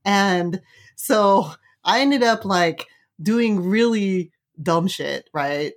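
A woman's voice: medium pitch, expressive, very slow. Chatty woman telling a story. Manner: chatty, tags lines with "right?" and "like"; laughs while telling the story. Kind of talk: casual anecdote.

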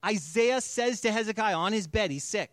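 A man's voice: sits high, animated, moderate pace, a bit bright, dry recording, clean studio sound. A man preaching a sermon, telling stories in a conversational, casual way. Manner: conversational storytelling. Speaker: pastor.

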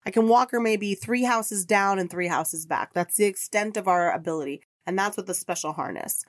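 The clean, dry studio recording captures a middle-aged podcast host speaking at a normal pace in a medium-pitched voice. She tells a personal story earnestly, drifting along and growing emotional.

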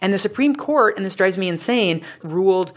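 A woman talks at mid pitch, animated and emphatic, in a casual discussion. She often drops in "like" as she makes her points. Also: normal speed. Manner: animated and emphatic, says "like" a lot.

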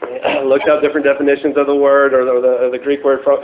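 A man's voice: medium pitch, monotone, fast. Chatty pastor man, echoey tinny sound. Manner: casual, chatty, many fillers and restarts, laughs at own jokes. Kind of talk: conversational sermon. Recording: echoey room on tinny phone-like line.

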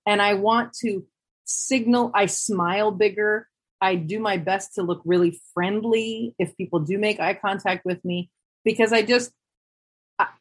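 A woman on a podcast panel, talking things through in a thoughtful, candid way, often pausing and restarting her sentences. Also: mid-range voice, husky, low-quality recording. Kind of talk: reflective panel discussion.

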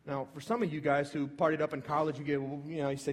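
Man in his thirties, pastor telling a story in a sermon, a touch high-pitched, big reverberant church hall. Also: flat delivery, quick pace. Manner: personal storytelling, swinging from hushed to emphatic. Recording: long reverb of a large hall.

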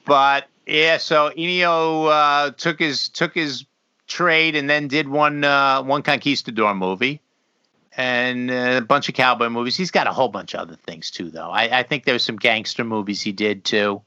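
A man chatting casually as a co-host, with a bright, forward tone. He swears often and rambles, trailing off and starting his sentences again. The recording sounds slightly dull and lo-fi, and the room is dry. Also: medium pitch, unhurried, smooth, dry recording. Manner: profane, rambling, trails off and restarts. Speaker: podcast co-host. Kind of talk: casual chat.

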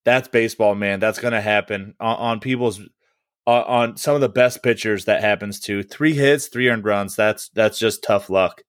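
A man's voice: lowish voice, normal speed, smooth, no echo, studio quality. A man co-hosting a baseball podcast, talking loosely with lots of fillers and swearing. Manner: loose and profane, many fillers. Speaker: podcast co-host. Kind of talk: casual sports podcast chat.

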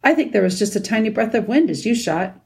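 Gentle tender-hearted girl archer, read by a woman. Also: medium pitch, animated, quick pace, pitched above the performer's own voice, natural voice. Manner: gentle, modest.

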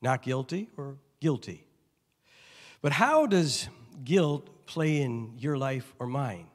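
A middle-aged man from Chicago, a pastor preaching a sermon and telling stories with acted-out dialogue, swinging between loud and hushed delivery. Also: medium pitch, lively intonation, slow pace. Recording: long reverb of a large hall.

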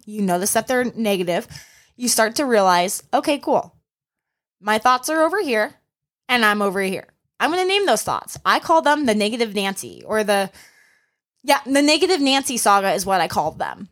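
A young adult woman hosting a solo podcast as a running coach, telling a race story and giving earnest, encouraging advice. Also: mid-range voice. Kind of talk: casual solo podcast talk.

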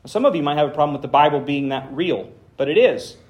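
A man's voice: a little high, animated, fast talker, a little mellow. A man preaching a conversational sermon as pastor, with dry humor and dramatic emphasis when reading scripture.

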